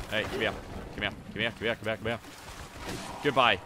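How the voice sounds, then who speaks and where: A young man with a Geordie accent streaming a video game live, swearing, yelling and shouting out to his chat. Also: fairly low pitch, brisk, background noise. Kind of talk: live gameplay commentary.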